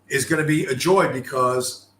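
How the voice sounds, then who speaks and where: A man's voice: medium pitch, moderate pace, a bit bright, roomy sound, poor audio. A man delivering a profane, contemptuous ranting monologue, aggressive and heavy with swearing. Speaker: commentator.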